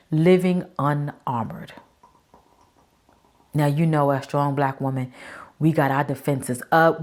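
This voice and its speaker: A woman's voice: sits low, a little mellow. A woman in her forties, hosting her own podcast and talking straight to her listeners in a chatty, emphatic way. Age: 40s. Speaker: podcast host. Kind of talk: casual talk to camera.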